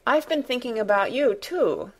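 A woman's voice: fairly high pitch, sing-song, normal speed, voice pushed up. Woman doing a blunt little girl. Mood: earnest. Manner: direct, matter-of-fact. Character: plain-spoken young girl, blunt and curious.

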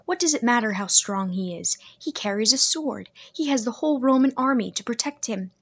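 A woman's voice: fairly high pitch, expressive, brisk, fairly bright tone, slightly rough, heavily acted. A woman reading an audiobook, voicing a proud, bitter young man who snaps and broods. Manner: curt, brooding, snapping. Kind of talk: audiobook character voice.

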